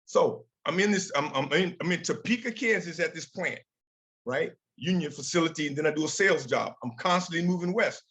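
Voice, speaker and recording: Older man, somewhat high-pitched voice, storytelling speaker style, voices quoted dialogue. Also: a little fast, a bit bright. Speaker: guest speaker. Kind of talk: motivational talk with slides.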